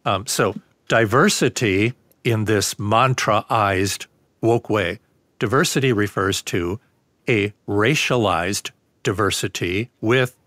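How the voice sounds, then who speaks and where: A man being interviewed as a guest professor, explaining in a measured, lecturing way with frequent fillers. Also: lowish voice, a bit bright, dry recording. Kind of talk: conversational interview.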